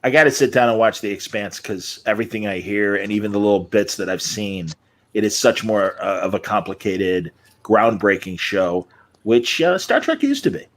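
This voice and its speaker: A man's voice: fairly low pitch, fairly even intonation, normal speed. A man hosting a casual podcast chat, telling rambling, enthusiastic stories and acting out what people said. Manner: rambling, enthusiastic storyteller who acts out quotes. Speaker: podcast host.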